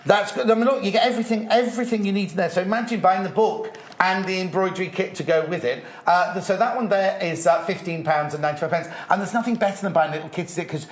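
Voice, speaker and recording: A chatty man hosting a live shopping show, reeling off prices between jokes. His voice sits a little high for a man. The sound carries the echo of a roomy studio. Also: fast, few pauses. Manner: chatty, lists prices, laughs easily. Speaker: shopping channel presenter. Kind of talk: live TV sales chat.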